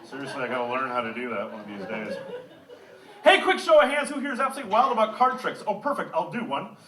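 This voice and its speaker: A man's voice: a little high, wildly swooping pitch, fast talker, bright, forceful tone. An American man doing a stand-up comedy set, wry and self-mocking, chatting with the crowd at a live venue. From United States. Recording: echoey venue, mic at a distance.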